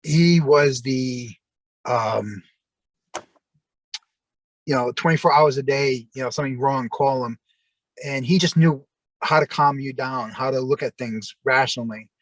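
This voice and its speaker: A man telling long personal stories in a rambling, halting way, full of restarts. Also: medium pitch, no room sound. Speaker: interview guest. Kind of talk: casual storytelling.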